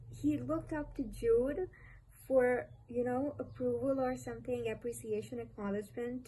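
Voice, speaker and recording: A young Pakistani-accented woman talks about her favourite books in a casual, gushing vlog voice. She sits a touch high in pitch and sounds mellow and soft-edged, and she repeats words when she gets excited. Faint street noise drifts in from outside her home. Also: low-quality recording. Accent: Pakistani English. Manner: gushing, repeats herself for emphasis. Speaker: book vlogger.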